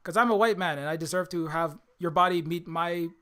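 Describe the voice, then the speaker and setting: A man doing a mocking impression of a drowsy, befuddled older male pundit who talks slowly and rambles. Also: fairly high pitch, pushed and bright, smooth. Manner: slow, dazed, rambling mockery.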